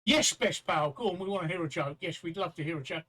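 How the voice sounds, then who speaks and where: A man's voice: fairly high pitch, fast talker, sharp tone, rough recording. A man hosting a live stream, bantering cheekily and telling long jokes. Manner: cheeky, tells long jokes with character lines. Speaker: host.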